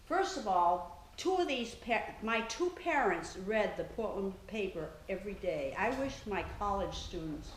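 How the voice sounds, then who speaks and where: A woman's voice: medium pitch, expressive, moderate pace, few pauses. An older woman, an author, telling chatty family stories to an audience and laughing often. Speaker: author giving a talk. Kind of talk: storytelling talk to an audience. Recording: echoey room with faint noise.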